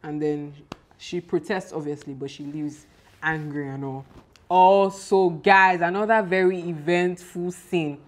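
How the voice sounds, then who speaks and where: A young woman, casually chatting and recapping a TV series in an animated, exclaiming way. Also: fairly low pitch, unhurried. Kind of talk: casual chat.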